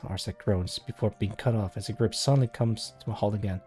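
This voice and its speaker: Mellow-voiced man reading a novel aloud. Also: lowish voice, steady tone, brisk, hardly any pauses, soft background music. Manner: first-person narration, casual self-corrections. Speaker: live-stream story reader. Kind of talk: reading a web novel aloud with chatty asides.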